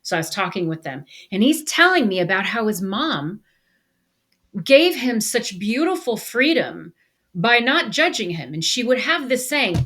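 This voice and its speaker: Woman co-host telling an animated story. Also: a little high, measured pace, breathy edge. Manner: animated storyteller, acts out quoted voices. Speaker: podcast co-host. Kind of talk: casual podcast conversation.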